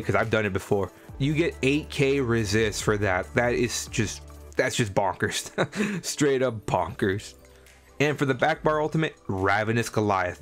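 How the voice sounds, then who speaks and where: Enthusiastic man narrating a game build guide. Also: on the low side. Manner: enthusiastic, chatty, chuckling often. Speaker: gaming content creator.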